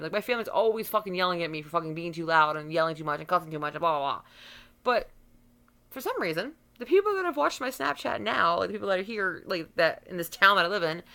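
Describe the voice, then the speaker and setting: A woman in her thirties ranting bluntly and profanely straight to camera. Her voice is bright and lively, swinging widely in pitch, and her words come out fast and heated. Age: 30s. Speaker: vlogger.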